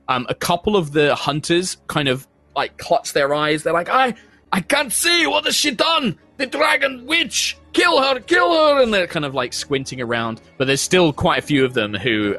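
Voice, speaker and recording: A man's voice: mid-range voice, fairly bright tone. A man, narrating a tabletop game as game master with flowing, descriptive speech full of small fillers.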